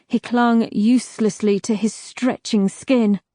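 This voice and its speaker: A woman reading a dark fantasy audiobook in a slow, measured narration. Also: fairly high pitch, steady tone, no room sound, studio quality.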